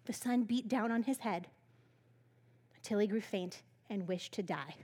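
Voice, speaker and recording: A woman's voice: medium pitch, normal speed, long pauses, a little mellow, husky. A woman preacher giving a sermon, telling a Bible story in a humorous, conversational way.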